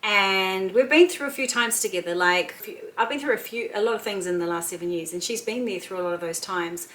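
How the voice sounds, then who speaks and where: A woman, chatting casually to camera in a rambling, warm-hearted way with many restarts. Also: medium pitch, a little fast, slight background noise. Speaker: vlogger.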